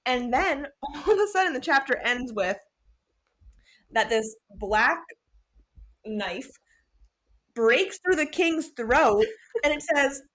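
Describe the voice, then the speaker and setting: A young adult woman co-hosting a podcast, recapping a book in casual chat, animated and sweary, acting out the characters' lines. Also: high-pitched, slow pace, pauses often. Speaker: podcast co-host.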